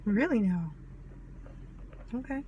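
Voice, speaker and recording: A woman's voice: mid-range voice, lively intonation, slow pace, muffled recording, slight background noise. A mother ranting angrily to camera, sarcastic and full of swearing. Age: adult mother. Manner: heated, sarcastic, swears a lot. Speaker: vlogger. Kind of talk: angry ranting monologue.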